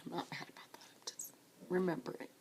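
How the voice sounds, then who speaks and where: A woman telling her own story of supporting grieving people, speaking softly and often dropping to a whisper, tearful at times. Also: fast. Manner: soft, hushed, often breaking into a whisper. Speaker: grief support volunteer. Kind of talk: personal storytelling.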